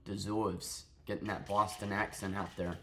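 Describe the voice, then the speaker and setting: Tired, rambling man with a low voice. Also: a little slow, fairly bright tone, slight background noise. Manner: rambling, profane, restarts often. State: tired, just woke up. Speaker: show reviewer. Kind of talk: casual spoken review.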